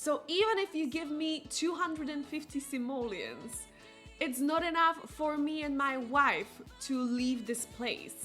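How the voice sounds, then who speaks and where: A woman's voice: big pitch swings, normal speed, fairly bright tone, faint music behind. A woman voicing a patronizing older male sim homeowner who keeps chuckling and talking down to a young lady. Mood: smug. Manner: condescending, calls her young lady, jolly booming ho-ho laugh.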